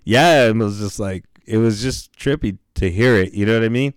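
A man's voice: fairly low pitch, fairly quick, clear, resonant tone, no echo, studio quality. A man casually telling a story on a podcast, laid-back and slangy, swearing freely and laughing as he talks.

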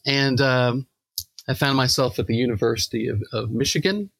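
A middle-aged man from Long Island, New York, guesting on a podcast. He tells his stories in an easygoing way, full of fillers, and his mid-pitched voice has a gravelly crackle. The sound is dry and close. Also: normal speed, no echo. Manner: relaxed storytelling with many fillers. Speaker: psychology professor guest. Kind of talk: podcast interview.

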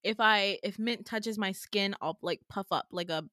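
A young woman co-hosting a podcast, telling a story in casual chat, animated and laughing often as she acts out quotes. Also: medium pitch, normal speed, no echo, clean studio sound. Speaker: podcast co-host.

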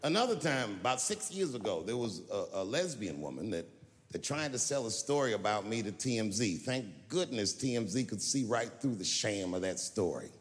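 Male stand-up, lively swooping delivery, slightly high voice, long hall echo over a noisy crowd. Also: brisk. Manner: animated storytelling with acted-out quotes. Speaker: stand-up comedian. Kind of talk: stand-up comedy performance. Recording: reverberant venue with crowd noise.

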